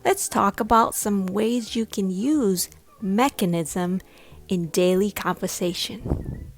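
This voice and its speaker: With faint music playing behind her, a woman coaches pronunciation from a script, pronouncing each syllable slowly and with care. Her pitch is medium overall but swoops wildly.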